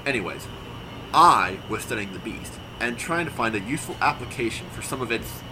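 Actor playing a bumbling inventor, eager and showy, lively pitch, music behind. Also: a little fast, natural voice. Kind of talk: audio drama acting.

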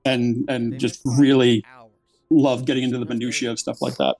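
Halting man with a faint Philly accent. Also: medium pitch, flat delivery, darkish tone. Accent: Philadelphia, mostly suppressed. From Philadelphia. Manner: halting, many restarts. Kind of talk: casual panel chat.

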